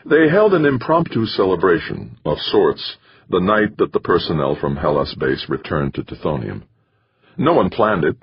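A man reading an audiobook in measured, expressive scripted narration, on a slightly muffled recording. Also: sits low, husky, no echo.

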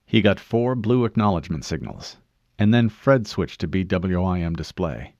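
A man narrating an audiobook in an expressive storytelling manner. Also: deep voice, moderate pace, dry recording, muffled recording.

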